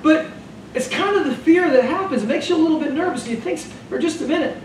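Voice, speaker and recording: A man preaching a sermon as pastor, animated and joking in a conversational way. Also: extremely high pitch, quick pace, slight background noise. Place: church sanctuary. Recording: echoey room from far off.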